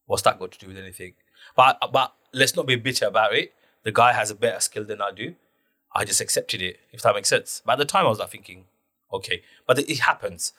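A man's voice: mid-range voice, brisk. A man telling stories animatedly in a casual podcast chat, full of slang. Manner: animated storyteller, loose slang, acts out quotes.

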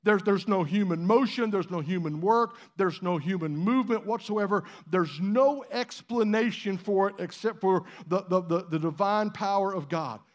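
High-voiced male pastor preaching. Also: moderate pace, few pauses. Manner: conversational, emphatic preaching with rhetorical questions. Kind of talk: sermon. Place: church.

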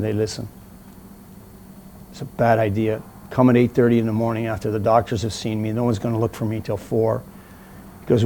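A middle-aged man with a rough, gravelly edge tells his story bluntly and with plenty of swearing. He talks in a casual interview setting, and a faint noise floor sits under the recording. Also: fairly low pitch. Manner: blunt, profane, animated anecdote teller. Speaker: interview guest.

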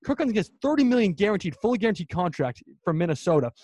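Man, podcast co-host, casual sports talk, rapid, high voice, animated rants. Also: dry recording. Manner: fast, animated ranting.

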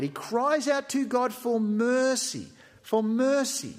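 A man's voice: extremely high pitch, expressive, unhurried, in a large hall. A man preaching a sermon in a church, conversational and humorous, often acting out quotes. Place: church hall with live stream.

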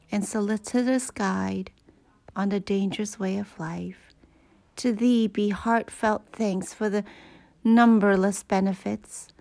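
Woman, hushed unhurried whisperer, reciting prayers at a gentle pace. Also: medium pitch.

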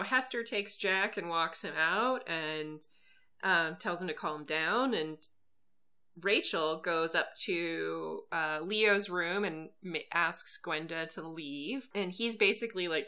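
A woman co-hosting a podcast, recapping a TV episode in animated casual storytelling, often laughing. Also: lowish voice. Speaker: podcast co-host.

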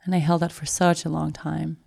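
A woman podcast host telling a personal story in a soft, confessional way, often dropping to a whisper and repeating phrases. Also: low voice, level tone, a little fast, creaky, no room sound, clean studio sound. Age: adult with a daughter.

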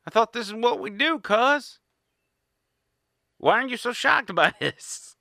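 A man's voice: very high voice, lively intonation, measured pace, vocal fry, sharp tone, dry recording, clean studio sound, voice pushed up, full character voice. A man voicing a cheeky young child who innocently asks what's wrong. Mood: puzzled.

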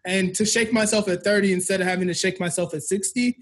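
High-voiced man telling candid stories. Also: fairly even intonation, quick pace. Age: 30s. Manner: candid, reflective storytelling. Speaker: podcast co-host and business owner. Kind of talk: casual chat.

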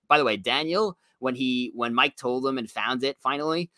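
A man's voice: mid-range voice, sharp tone, no echo, studio quality. A man co-hosting a casual recap podcast, rambling along and filling his sentences with "you know" and "um". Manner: rambling, fills every pause with "you know". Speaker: podcast co-host.

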